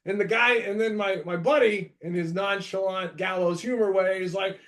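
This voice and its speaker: A man in his thirties from the United States hosting a podcast, telling stories in a rambling, animated way, with many restarts, and breaking into shouted voices when he quotes people. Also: sits high, normal speed. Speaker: podcast host. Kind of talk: casual storytelling chat.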